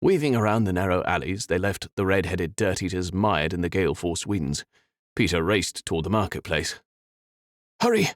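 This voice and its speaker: Deep-voiced male audiobook narrator, dry studio. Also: brisk, no room sound. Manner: expressive, dramatic reading. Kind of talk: scripted fantasy narration.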